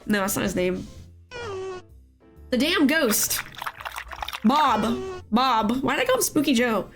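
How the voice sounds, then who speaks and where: A woman with a hoarse voice after an illness, hosting a casual live art class and greeting chat in a sing-song way. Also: fairly high pitch, very animated, slow, long pauses. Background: soft music.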